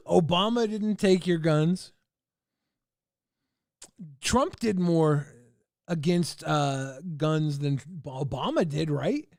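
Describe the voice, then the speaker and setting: Gravelly man chatting on a livestream. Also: on the high side, very slow, pauses often, a little mellow, no room sound, studio quality. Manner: rambling, laid-back, chuckling asides. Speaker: livestream host. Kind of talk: casual stream commentary.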